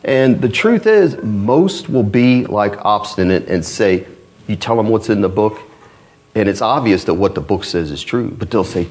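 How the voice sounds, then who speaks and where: A man preaches a sermon by reading an old allegory aloud, dramatizing the old-fashioned text with rising pitch on the characters' cries. His voice is animated and a little mellow, at normal speed.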